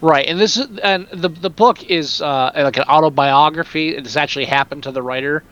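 A man's voice: fairly high pitch, fairly quick, fairly bright tone, muffled recording. A man co-hosting a casual film chat podcast, wry and teasing. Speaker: podcast co-host.

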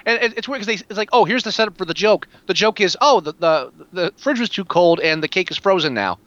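A man co-hosting a casual movie review podcast, talking in a wry, animated way and slipping into joking voices. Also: high voice, quick pace, no room sound, muffled recording. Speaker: podcast co-host.

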